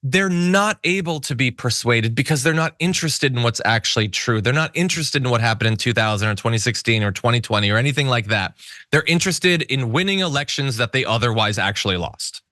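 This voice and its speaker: Guy hosting a politics commentary show, emphatic and fired up, bright punchy voice, dry sound. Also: mid-range voice, expressive, a little fast, dry recording. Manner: emphatic, indignant, stumbling restarts. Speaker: host.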